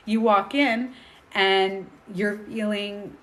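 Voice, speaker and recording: A woman speaking as a healing coach in a casual coaching talk to viewers, animated and acting out inner voices, reading and answering viewer questions. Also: mid-range voice, moderate pace.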